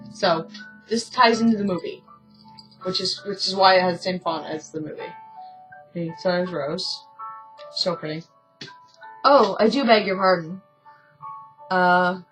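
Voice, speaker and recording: A woman's voice: medium pitch, fairly bright tone, low-quality recording. A woman reading a story game aloud in a casual let's-play, often stumbling and correcting herself, with chatty asides.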